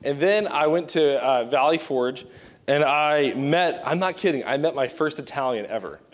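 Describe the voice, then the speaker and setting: A young man from Virginia giving an animated, self-mocking sermon full of storytelling. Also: a little high, moderate pace. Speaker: pastor.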